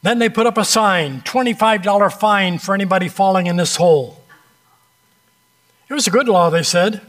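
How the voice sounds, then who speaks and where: Preacher guy with a fairly high voice telling a story in a sermon, lots of pauses for effect. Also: fairly bright tone. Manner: storytelling, varied dramatic pauses.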